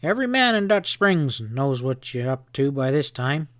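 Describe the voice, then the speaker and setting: A man voicing a hot-tempered middle-aged hotel owner in a western audiobook, gruff and blustering. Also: medium pitch, big pitch swings, normal speed, fairly bright tone, no room sound, clean studio sound. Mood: contemptuous.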